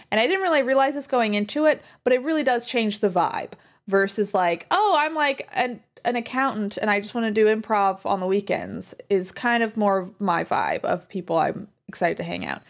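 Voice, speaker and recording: A woman livestreamer chatting casually while she plays, rambling along with lots of fillers and quick asides. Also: mid-range voice. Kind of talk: casual chat while gaming.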